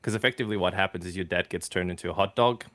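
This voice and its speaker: A man hosting a casual gaming podcast, relaxed and teasing, with plenty of fillers. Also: low-pitched, racing, no room sound. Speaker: podcast host.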